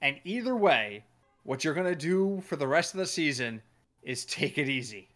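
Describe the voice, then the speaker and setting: Bright-voiced animated male podcast host. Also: on the high side, moderate pace, soft background music. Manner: animated, swears, acts out quoted voices. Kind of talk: casual sports chat.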